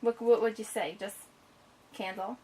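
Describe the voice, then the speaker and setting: A woman teacher reading a picture book aloud to a child and stopping to explain it, slowing down to savor the descriptive lines. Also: mid-range voice, steady tone, a little mellow, recorded from a distance, a little hiss or hum.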